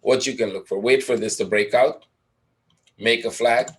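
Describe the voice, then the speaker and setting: A man's voice: medium pitch, fairly even intonation, moderate pace, a bit bright. A man teaching a live trading webinar, thinking aloud over a chart, asking and answering his own questions with frequent "right?" tags. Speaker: trading educator.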